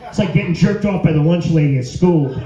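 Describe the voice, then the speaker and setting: Before a live audience at a comedy venue, a middle-aged man performs a crude, brash stand-up set with crowd work. His voice sits on the high side, brisk and mellow, and the club recording sounds roomy and dull.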